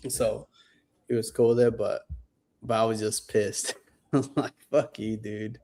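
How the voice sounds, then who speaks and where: A man's voice: on the low side, little pitch movement, unhurried, dark tone. A young man in casual chat about his real estate deals, slangy, laughing often and swearing freely.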